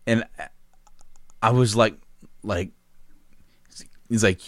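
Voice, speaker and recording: A man chatting casually and telling a story with a lively, swooping voice. He acts out the people in it and laughs along as he talks. The sound is dry and close. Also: medium pitch, moderate pace, pauses often, dry recording. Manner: laughs through his story, quotes people in animated voices.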